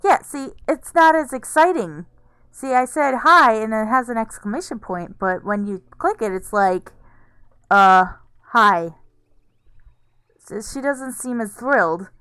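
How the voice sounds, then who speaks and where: A woman's voice: on the high side, normal speed, fairly bright tone, clear, resonant tone, dry recording, clean studio sound. A woman streaming a game, musing aloud in casual let's-play commentary.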